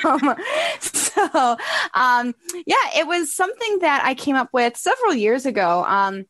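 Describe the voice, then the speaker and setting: A woman's voice: sits high, big pitch swings, takes it slowly, a bit bright, no echo. An American woman from Buffalo, New York, a guest describing her travel blog in a bubbly, casual way, laughing often. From Buffalo, New York, USA. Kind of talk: casual interview chat.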